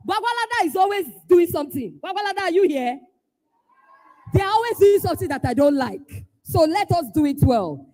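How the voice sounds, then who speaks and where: A Nigerian woman hosting a live event, calling out schools one by one, playful and teasing, often shouting to get the crowd going. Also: high-pitched, sing-song, fairly quick. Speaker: event host.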